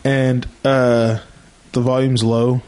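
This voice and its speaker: A man's voice: mid-range voice, flat delivery, slow, a little mellow, clean tone. A young man co-hosting a podcast, telling a rambling story in casual chat and acting out what others said. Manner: rambling anecdotes with quoted voices. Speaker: podcast co-host.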